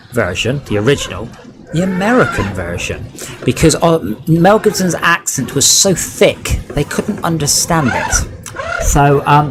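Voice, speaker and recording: A man from Devon, England, with a broad West Country accent chats and jokes while streaming a game, drifting onto tangents. His voice is medium-pitched, with background noise behind it.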